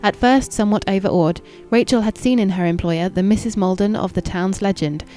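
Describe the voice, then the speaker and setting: A woman narrating a classic novel in a measured, even and formal reading. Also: medium pitch, soft background music. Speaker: audiobook narrator.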